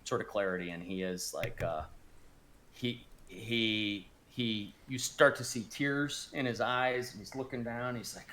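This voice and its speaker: A man narrating as game master of a tabletop game, speaking haltingly with many restarts. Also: fairly low pitch, pushed and bright.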